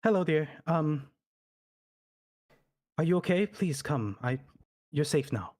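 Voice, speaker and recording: A man voicing a polite, gentle young nobleman with formal speech in a tabletop game. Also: a little high, expressive, brisk, pitched above the performer's own voice.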